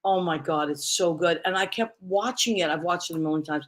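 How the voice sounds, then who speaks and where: This woman hosts a relaxed talk show interview, her lowish voice moving a little fast. Effusive by nature, she spins stories full of exclamations.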